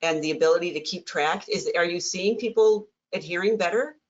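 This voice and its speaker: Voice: medium pitch, brisk. Upbeat webinar moderator, muffled audio. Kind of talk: hosting a Q&A webinar.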